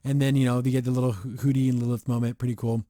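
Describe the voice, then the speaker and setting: A man hosting a podcast, giving a casual episode review in a rambling, excitable way full of fillers. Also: medium pitch, racing, dry recording, studio quality. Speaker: podcast host.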